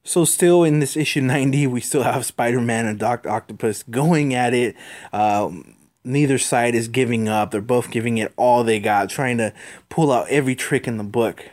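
A man reading a comic book aloud in a relaxed, informal way. He talks in halting bursts, repeating words and restarting his sentences. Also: mid-range voice. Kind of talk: casual comic read-aloud.

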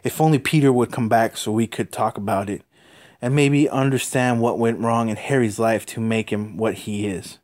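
A man's voice: mid-range voice, fairly even intonation, normal speed, a little mellow, close to an everyday voice. A man reading as a worried young woman. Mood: wistful.

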